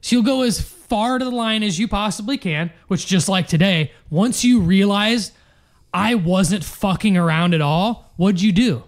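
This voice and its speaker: A man's voice: high-pitched, a little slow. A man co-hosting a podcast in casual chat, blunt and exasperated, swearing often. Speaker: podcast co-host.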